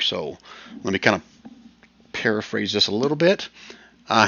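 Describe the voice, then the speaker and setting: A man narrating as game master of a tabletop game over voice chat, relaxed and rambling. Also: lowish voice, vocal fry, no room sound. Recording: dull lo-fi voice chat.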